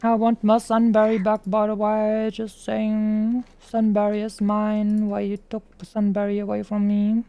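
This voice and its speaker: A woman's voice: mid-range voice, completely flat delivery, measured pace, few pauses, dark tone, clean tone, faint music behind. A young woman streaming a game, chatting casually and playfully, tossing in silly sound effects. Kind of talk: casual gaming chat.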